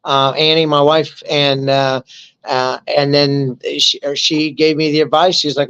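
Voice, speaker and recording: A man's voice: mid-range voice, level tone, normal speed, fairly bright tone, clear, resonant tone, lo-fi sound. A man in his fifties, an army veteran, telling stories in a casual, joking interview. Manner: joking, easygoing storyteller who acts out quotes.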